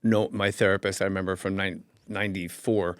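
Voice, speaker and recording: Animated, profane male podcast host. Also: deep voice, fairly quick, clean tone, no echo, clean studio sound. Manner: animated, profane, acts out scenes. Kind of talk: comedic storytelling.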